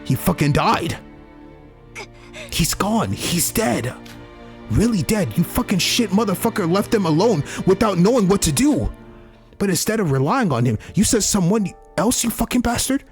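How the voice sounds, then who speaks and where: A man's voice: sits high, sing-song, normal speed, soft background music, pitched above the performer's own voice. A man reading aloud the angry, cursing lines of a young woman agent from a game. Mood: furious.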